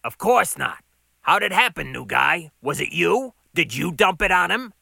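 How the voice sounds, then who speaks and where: A man voicing a gruff, gravelly older male diner owner who needles his staff. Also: fairly high pitch, lively intonation, normal speed, sharp tone, no room sound, pitched above the performer's own voice, heavily acted. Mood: needling. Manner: needling, bossy. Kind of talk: audiobook character voice.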